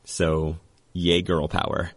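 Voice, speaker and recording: A man hosting a podcast in a casual, chatty, joking way, full of quick asides. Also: sits low, flat delivery, breathy edge. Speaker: podcast host.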